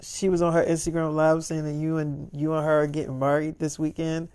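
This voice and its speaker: A man's voice: fairly high pitch, monotone, fairly quick, darkish tone, lightly acted. A man voicing a jealous young woman, a demanding girlfriend who talks in a blunt, confrontational, profane way. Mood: accusing.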